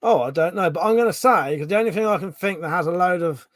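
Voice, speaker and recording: A man's voice: high-pitched, quick pace, a little hiss or hum. A man with a Home Counties English accent hosting a casual live stream, reading out chat questions, thinking aloud and swearing freely.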